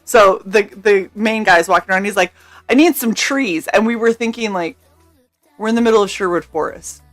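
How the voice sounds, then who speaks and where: A young woman telling a story on a live stream, animated and loose, laughing between lines and swearing without a second thought. Her voice sits at an ordinary middle pitch for a woman, with faint music playing softly behind her. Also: a little fast. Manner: animated, laughing, swears freely, acts out quotes. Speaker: streamer co-host. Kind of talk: casual storytelling chat.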